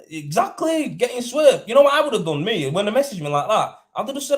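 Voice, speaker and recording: A man's voice: extremely high pitch, very animated, quick pace, hardly any pauses. A young man, a plasterer, chatting casually and indignantly on a livestream, swearing and rambling. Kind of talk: casual live-stream chat.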